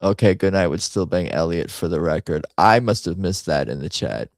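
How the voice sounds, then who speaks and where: A man's voice: sits low, expressive, normal speed, gravelly, no room sound. A man hosting a casual livestream, rambling through memes with wry asides and frequent restarts. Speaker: host.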